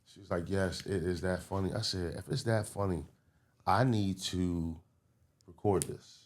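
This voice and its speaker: A deep-voiced man from the Baltimore–DC area appears as a comedian guest on a relaxed podcast, telling his story. He's animated and drops into quick impressions of city characters.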